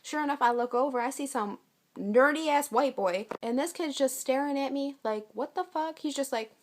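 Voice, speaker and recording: A woman's voice: high-pitched, normal speed. A young woman telling a storytime vlog in a blunt, profane, casual way, acting out what she and others said. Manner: blunt, profane, with acted-out quotes. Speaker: vlogger.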